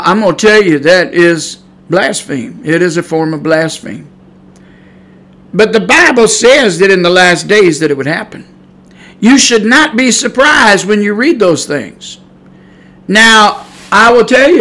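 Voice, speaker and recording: A middle-aged man preaching a sermon on his podcast, fiery and loud at the warnings, chatty and easygoing in his asides. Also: high voice, expressive, a little slow, low-quality recording. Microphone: podcast mic.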